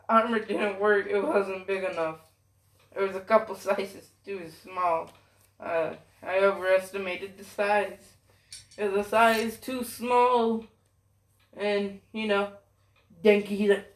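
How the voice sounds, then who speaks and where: A rambling fan storyteller who drags through the story at an unhurried pace, full of fillers and swearing. The voice sits at an ordinary middle pitch, and the talk keeps doubling back to fix details. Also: fairly even intonation. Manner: rambling, profane, self-correcting, many fillers.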